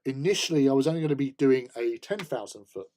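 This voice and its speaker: A man's voice: medium pitch, animated, fast, warm tone. An English man hosting a casual hobby stream, rambling through a travel story with many fillers and laughs. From England. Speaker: host.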